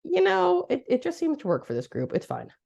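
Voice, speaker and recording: A woman with a slightly rough voice, chatting casually and self-deprecatingly while opening a meeting. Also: sits high, wildly swooping pitch, a little fast, darkish tone, highs cut off. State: voice still rough from losing it. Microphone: clip-on mic in a conference room.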